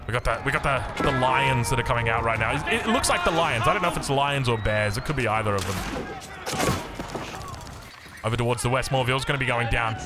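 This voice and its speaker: An Australian man commentating a strategy game match in an excitable, chatty way, joking and digressing as he goes. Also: medium pitch. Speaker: game caster.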